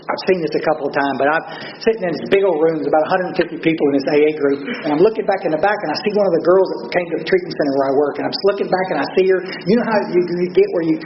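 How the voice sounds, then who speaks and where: An older man with a Texan drawl tells his story to a recovery meeting, earnest and plainspoken. His voice sits a bit high. The sound is roomy and dull, with faint hiss behind it. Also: very fast, few pauses. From Texas. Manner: folksy storytelling, earnest and blunt. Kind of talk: speaker talk to a meeting. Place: large meeting room. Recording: echoey room, dull lo-fi sound.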